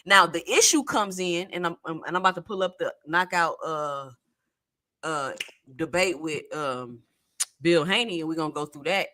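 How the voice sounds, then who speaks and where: A man's voice: on the high side, expressive, normal speed, pushed and bright. A man hosting a casual boxing talk show, talking in a loose, slangy, conversational way. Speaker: host.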